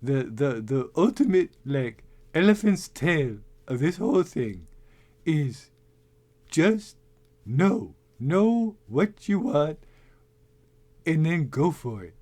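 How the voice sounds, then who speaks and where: A man hosting a casual talk, rambling and animated with many restarts. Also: fairly high pitch, slow. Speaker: host. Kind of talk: casual talk on making tabletop game characters.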